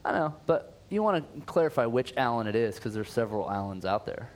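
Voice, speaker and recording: A man's voice: mid-range voice, very animated, brisk. Rambling, jokey male podcast co-host. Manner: rambling, jokey, over-explains. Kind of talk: casual comedic podcast chat.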